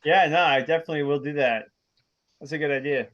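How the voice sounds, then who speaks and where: A man co-hosting a casual podcast, enthusiastic and quick to laugh. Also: fairly high pitch, a bit bright. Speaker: podcast co-host. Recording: dull lo-fi sound.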